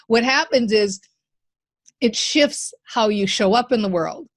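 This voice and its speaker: A woman's voice: on the high side, expressive, normal speed. A woman hosting a podcast, coaching her guest with enthusiasm and encouragement, often repeating key phrases. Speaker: podcast host and mindset coach. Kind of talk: coaching conversation.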